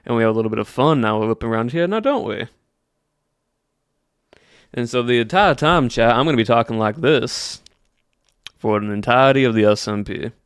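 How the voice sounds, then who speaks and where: A man's voice: medium pitch, animated, normal speed, long pauses, clean tone, dry recording, studio quality, natural voice. A young man doing a put-on Southern US accent as a folksy cowboy, chatting to his stream with a drawl. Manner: folksy drawl, says y'all. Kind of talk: casual livestream chat.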